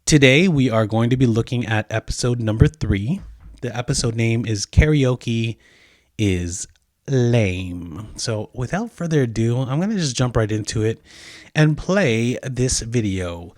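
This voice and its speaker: A man's voice: mid-range voice, animated, measured pace, darkish tone, no echo, studio quality. A man hosting a casual reaction video about his own docuseries, chatty and self-mocking.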